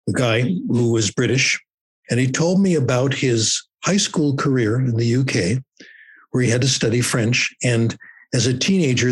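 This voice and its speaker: An older American man explaining his views on language learning in a relaxed, wandering way, often checking in with "okay?". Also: medium pitch, slightly rough, poor audio. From United States. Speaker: guest, language researcher. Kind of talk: conversational explanation.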